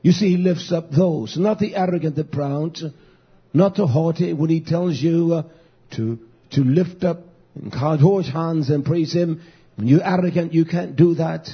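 A man's voice: fairly high pitch, unhurried, slightly rough, highs cut off. A man preaching a sermon, exhorting and calling out to the congregation.

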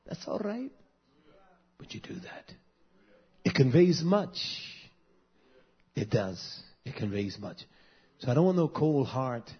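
A man in his fifties preaching a sermon, swinging between loud fervent passages and soft, intimate asides. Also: mid-range voice, breathy edge, highs cut off.

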